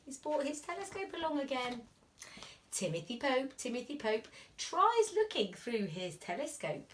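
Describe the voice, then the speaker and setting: A woman teacher reading a picture book aloud to young children, animated and expressive, dropping to whispers at tense moments. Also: high voice, moderate pace. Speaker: reception class teacher.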